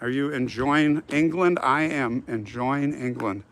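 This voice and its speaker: A man's voice: medium pitch, a little slow, a bit bright. Chatty American man walking a city street. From United States. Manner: chatty, friendly, rambling, talks straight to viewers. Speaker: vlogger hosting a live stream. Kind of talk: casual live-stream chat, reading viewer comments aloud. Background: faint street and traffic noise.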